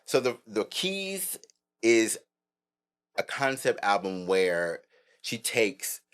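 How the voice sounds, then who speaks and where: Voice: mid-range voice, sing-song, slow pace, a bit bright. A podcast co-host in casual chat, talking expressively and swooping up in disbelief.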